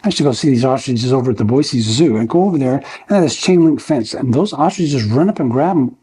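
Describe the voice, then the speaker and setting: Husky, folksy older male pastor preaching. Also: mid-range voice, expressive, fairly quick, hardly any pauses, mellow. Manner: folksy and conversational, checks in with "okay?" and asks rhetorical questions. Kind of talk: verse-by-verse sermon. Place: church.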